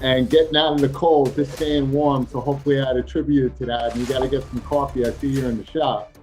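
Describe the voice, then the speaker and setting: A man's voice: medium pitch, steady tone, quick pace, darkish tone. A man with a Brooklyn accent hosting a casual, upbeat video-call interview, calling his guests brother. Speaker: interview host.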